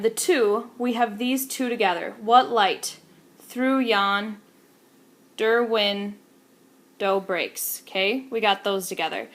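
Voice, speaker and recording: A woman's voice: mid-range voice, a bit bright. A young woman teacher explaining terms to students in a casual lecture, with many fillers. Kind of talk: recorded classroom lecture.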